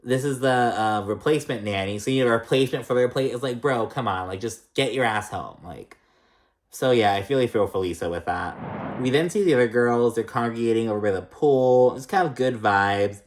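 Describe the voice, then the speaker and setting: Chatty, profane man recapping reality TV. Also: brisk. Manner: chatty and profane, heavy use of "like"; jumps between pitch highs and lows when reacting. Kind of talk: casual recap commentary.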